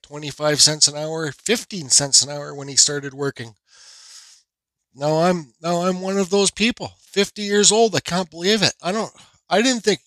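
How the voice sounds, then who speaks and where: A man in his forties telling a rambling, animated story in a casual vlog voiceover. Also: on the high side, dry recording. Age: 40s. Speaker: woodcarving channel host.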